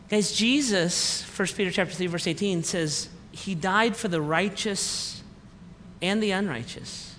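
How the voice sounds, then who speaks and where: Man, preacher, comic story sermon, bright tone, reverberant hall. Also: high-pitched. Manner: animated storyteller, acts out family dialogue, then slows for the lesson. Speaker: pastor. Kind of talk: sermon with a humorous personal story. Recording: reverberant hall with faint room noise.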